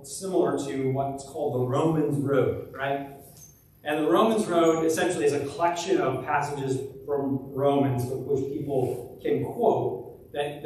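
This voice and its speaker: A man's voice: on the high side, a little mellow, far from the mic, slight background noise. A man preaching a conversational sermon as pastor, often restarting and repeating words. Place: church sanctuary. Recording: very echoey church live stream from afar.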